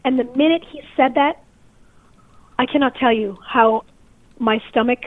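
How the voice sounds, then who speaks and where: Woman caller, shaken and near tears, high voice, phone-line sound. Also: a little slow. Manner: upset, tearful storytelling. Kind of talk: telling a personal story to a radio host. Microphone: telephone. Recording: tinny phone line, dry.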